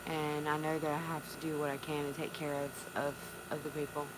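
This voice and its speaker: A woman from North Carolina, chatting tearfully on a live stream, halting and repeating her words. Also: low voice, monotone. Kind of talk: emotional live-stream chat. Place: on a porch. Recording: noisy background.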